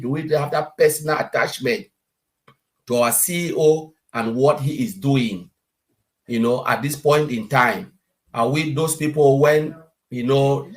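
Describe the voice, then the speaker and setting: A man speaking in a preachy way with rhetorical questions as a guest in an online panel discussion. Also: medium pitch.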